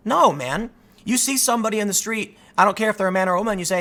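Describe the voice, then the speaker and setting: A man hosting a commentary show, ranting to his audience in an emphatic, animated way. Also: high-pitched, fast talker. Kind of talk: opinion rant to camera.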